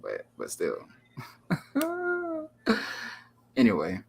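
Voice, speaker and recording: A man's voice: medium pitch, huge pitch swings, very slow, creaky, a little mellow. A man hosting a livestream talk show, chatting casually and joking in a playful, mock-dramatic way. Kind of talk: casual chat.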